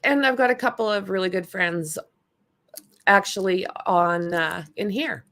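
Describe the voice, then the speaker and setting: Casting note: a woman livestream host, blunt and indignant, unhurried delivery, mid-range voice. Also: medium pitch, a bit bright. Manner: blunt, indignant, talks back to chat. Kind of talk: casual livestream commentary.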